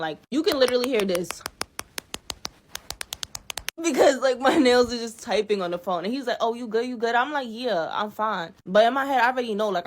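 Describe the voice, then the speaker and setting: A young woman from New York telling a bad date story in a casual, animated, profane way, speaking into a phone mic. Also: medium pitch.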